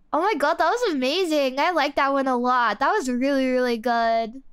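A young woman streaming a live music review, talking in an excitable, exclamatory, casual way. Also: sits high, normal speed, no echo, studio quality.

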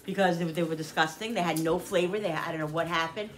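A woman's voice: on the low side, fast. Woman in her fifties, home cooking host, rambling storyteller, recorded in an echoey kitchen. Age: 50s. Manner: chatty storyteller, acts out the voices in her anecdotes. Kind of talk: casual kitchen chat. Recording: echoey kitchen, faint noise.

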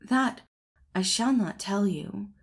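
A woman's voice: mid-range voice, lively intonation, takes it slowly, breathy edge. A woman voicing a bashful, modest young female garter in a storybook, refusing in a prim, haughty way.

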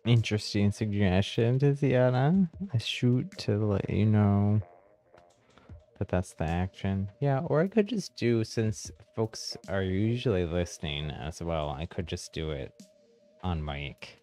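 Man, very deep voice, lively ups and downs, casual streamer chat, slightly hoarse, hesitant, faint music behind. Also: unhurried. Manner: relaxed, hesitant, laughs often. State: a little hoarse.

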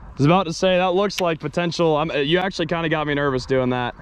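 A young man hosting a fishing vlog outdoors, joking and excitable, shouting when a fish is on. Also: a little high, fast, slight background noise. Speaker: fishing video host. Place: outdoors on the water.

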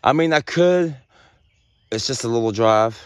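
A man vlogging outdoors in the woods, rambling excitedly and joking as he goes. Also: medium pitch, measured pace, clean tone, dry recording. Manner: excited, rambling, talks to mushrooms playfully. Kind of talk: casual outdoor vlog narration.

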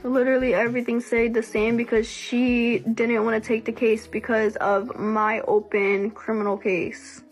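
A woman's voice: fairly high pitch, level tone, normal speed, hardly any pauses, faint music behind. A young woman hosting a livestream, venting bluntly and heatedly with plenty of swearing. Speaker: livestream host.

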